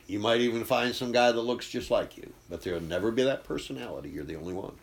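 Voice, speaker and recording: An impassioned male preacher with a fairly low voice delivers a sermon. He swings between loud, urgent bursts and hushed, intense stretches. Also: quick pace, gravelly.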